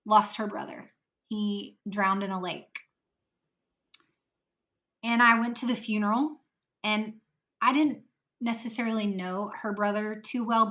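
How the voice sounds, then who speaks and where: On a podcast, a female guest earnestly shares an emotional story from her own life, voicing the people in it as she goes. Her mid-range voice sounds pushed and bright, and the audio is dull.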